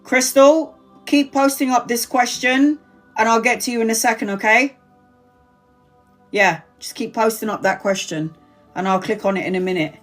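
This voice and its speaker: A tarot reader on a live stream speaks at normal speed in a slightly high voice, with soft music playing behind her. Talkative and direct, she curses without holding back and addresses viewers as honey and sweetheart.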